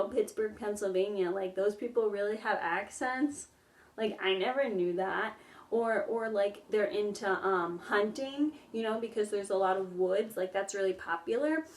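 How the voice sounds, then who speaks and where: A woman's voice: medium pitch, measured pace, far from the mic. A woman music therapist vlogging in a casual chat, rambling and full of "like", laughing often. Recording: roomy echo, voice somewhat off-mic.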